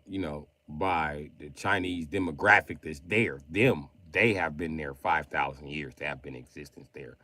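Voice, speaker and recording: Streamer, male, very low voice, boastful profane rant. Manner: loud, profane, boastful ranting. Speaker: livestreamer. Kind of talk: livestream rant.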